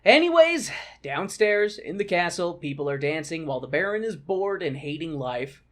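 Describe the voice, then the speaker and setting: A man in his thirties co-hosting a podcast, recapping a movie in an animated, profane rant. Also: a little high, moderate pace. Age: 30s. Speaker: podcast co-host.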